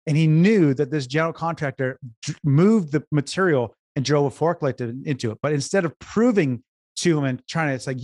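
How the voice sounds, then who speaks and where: An earnest male business consultant tells client stories on a podcast, often repeating words as he finds his way. His voice sits a little high for a man. The recording is close and dry with no room sound. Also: a little fast, dry recording. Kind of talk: conversational storytelling interview.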